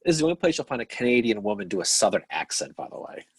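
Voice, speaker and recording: A man co-hosting a casual live-streamed chat, talking quickly and animatedly and repeating words as he restarts. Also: on the low side, very animated, a crowd in the background. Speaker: co-host.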